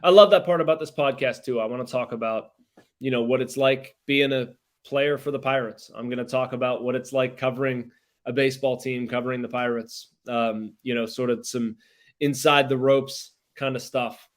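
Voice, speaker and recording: A man from Pittsburgh co-hosting a casual podcast as a baseball journalist, talking in an animated, rambling way with frequent restarts. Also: mid-range voice, moderate pace.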